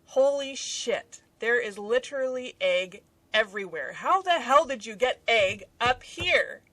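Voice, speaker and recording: A woman's voice: a little high, very animated, moderate pace, pushed and bright, husky, no room sound, full character voice. A woman quoting her startled, exasperated husband in her own voice.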